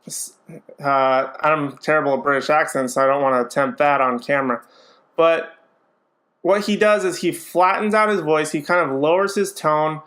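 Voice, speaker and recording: A man talks through a movie review in a loose, casual way, and his voice sits on the higher side. He sounds opinionated but hedges often, with frequent ums and restarts as he works through his thoughts. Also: fairly bright tone.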